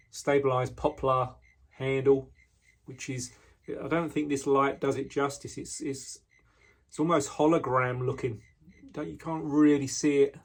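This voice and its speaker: A man casually showing the knives he makes, talking in a relaxed way with frequent ums and restarts, indoors in his workshop. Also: mid-range voice. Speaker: knife maker. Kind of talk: casual product walkthrough.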